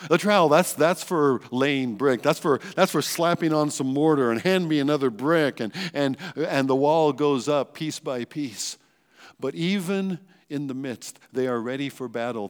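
Emphatic preaching man in a reverberant church. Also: medium pitch. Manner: earnest and emphatic, with rhetorical questions and repeated phrases. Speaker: pastor. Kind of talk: sermon. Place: church sanctuary.

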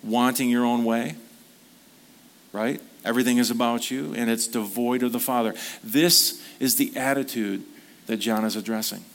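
A male pastor delivering a sermon in a church service at a medium, everyday pitch. He talks in an earnest, conversational way, weaving personal stories into his preaching. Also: fairly even intonation, moderate pace.

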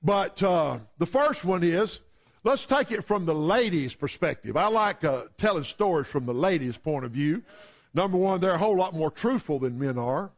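A man's voice: fairly high pitch, lively intonation, moderate pace. A man preaching a sermon in a conversational way, telling humorous stories.

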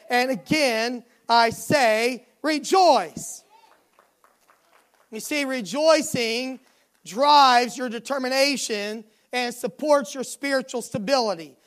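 A woman preaching a sermon at a midweek church service, emphatic and given to repeating refrains. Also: high voice.

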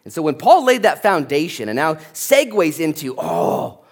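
A man preaching a sermon as a pastor, telling stories with lively, animated energy and acting out the people in them. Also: on the high side, normal speed. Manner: animated storytelling, acting out voices.

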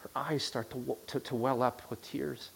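A man telling a personal story in a sermon. He swings between loud emphasis and hushed, quiet passages, and he often repeats words and restarts his sentences. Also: medium pitch, fairly even intonation, normal speed, gravelly, slight background noise.

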